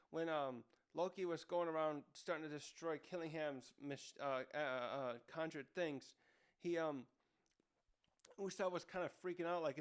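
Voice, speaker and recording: A man's voice: on the high side, clean tone. A man reviewing a comic chapter in casual chat, rambling with many fillers and restarts. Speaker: manga reviewer.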